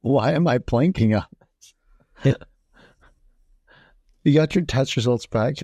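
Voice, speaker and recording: A man's voice: mid-range voice, takes it slowly, husky, no room sound. A man co-hosting a casual podcast, chatting loosely with lots of swearing and laughter. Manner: profane, animated, laughs a lot. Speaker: podcast co-host. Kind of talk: casual chat, reading movie quotes.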